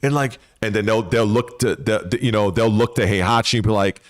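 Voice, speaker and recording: Male gaming host, lowish voice, dry close sound, loose and profane speculative riffing. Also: steady tone, a little fast, no echo. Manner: rambling and profane, with frequent restarts. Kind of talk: casual speculative commentary.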